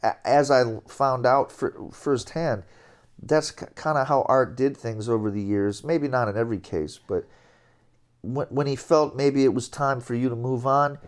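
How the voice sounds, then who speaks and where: A middle-aged man settles into a sit-down interview and tells long anecdotes about his years as a musician. His voice sits at an average pitch, and he gets animated as the stories build, chuckling along the way. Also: normal speed. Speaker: interview guest, jazz trombonist. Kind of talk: relaxed storytelling.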